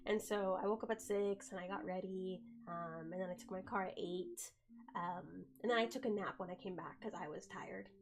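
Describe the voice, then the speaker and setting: In her twenties and getting over the flu, a woman chats casually on a live stream, rambling with plenty of fillers, talking to her cat and coughing now and then. Her voice is mid-range and she speaks at a normal speed.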